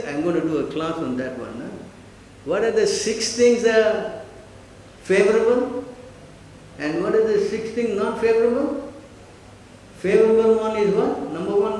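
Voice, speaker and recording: A man giving a lively spiritual lecture, full of rhetorical questions. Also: high-pitched, a little slow, pauses often. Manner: animated, rhetorical questions, mimics listeners. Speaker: spiritual teacher. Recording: echoey hall, faint noise.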